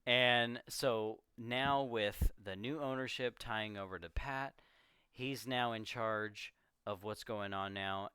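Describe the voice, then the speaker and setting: A man with a fairly low, smooth, clear voice, co-hosting a podcast and recapping a film in relaxed casual chat. He tells the story with animated energy, often slipping into quick impressions of the characters. The sound is dry and close, with no room echo. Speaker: podcast co-host.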